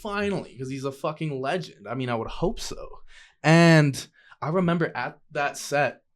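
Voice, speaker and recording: A young man, a podcast guest, telling a personal story in a casual, profane, slangy way, animated and acting out other people's voices. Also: a little high, moderate pace.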